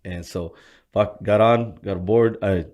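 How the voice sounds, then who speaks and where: A man's voice: fairly even intonation, a little slow, a little mellow. A young man telling his life story in a casual interview, swearing freely and acting out the people he quotes. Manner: swears constantly, acts out quoted people with a raised voice; laughs while telling, drops to a low murmur when reflective.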